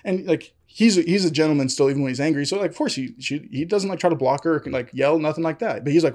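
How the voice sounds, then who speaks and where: A man's voice: a little high, fast, hardly any pauses, a little mellow. A young man telling a long story on a casual podcast chat, full of fillers, laughing often. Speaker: podcast co-host.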